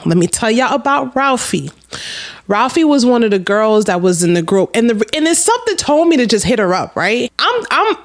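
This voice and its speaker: A woman vlogger telling a personal story in an animated, profane way, talking straight to her viewers. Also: medium pitch. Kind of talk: casual storytelling.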